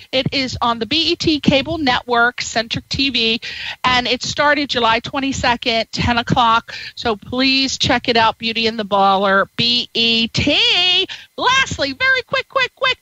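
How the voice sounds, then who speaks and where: A woman's voice: high voice, bright, forceful tone, no echo, poor audio. A middle-aged woman hosting a radio interview show, bubbly and flirtatious, hopping from topic to topic. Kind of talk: radio interview, chatty and playful.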